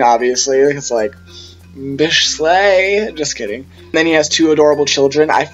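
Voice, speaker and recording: A man's voice: fairly high pitch, dull audio. Rambling young man over music. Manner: rambling, tangent-prone, animated quoting voices. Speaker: vlogger. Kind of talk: casual storytime chat.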